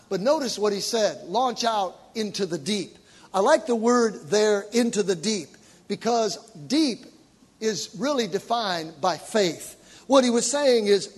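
A man's voice: high-pitched, expressive, a little slow, long reverb tail. A man preaching a sermon, telling stories and acting out the voices of the people in them, building his points with repetition.

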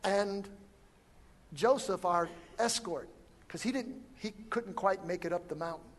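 A man preaching a sermon, telling a story in an animated way and acting out what people said. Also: high voice, measured pace. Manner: animated storyteller who acts out dialogue.

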